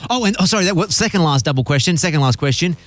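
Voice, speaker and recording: A man from Australia hosting his own interview show, upbeat, firing quick questions and laughing often. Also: a little high, expressive. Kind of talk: casual interview.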